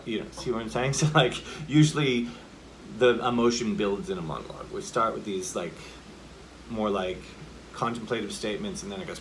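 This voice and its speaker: A man's voice: on the low side, brisk. Male acting coach for a casual video lesson: chatty and informal, heavy on filler words, demonstrates line readings himself, with a faint hiss behind him. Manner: chatty, explains by acting out example lines; loose, with many "like" and "you know" fillers.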